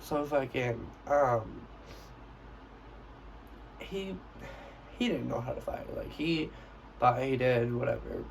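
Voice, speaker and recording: A man's voice: mid-range voice, animated, slow, creaky, pauses often, recorded from a distance, a little hiss or hum, rough recording. A young man telling a storytime vlog in a brash, profane, casual way, acting out what he said. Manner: brash, profane, acts out quotes of himself. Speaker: vlogger.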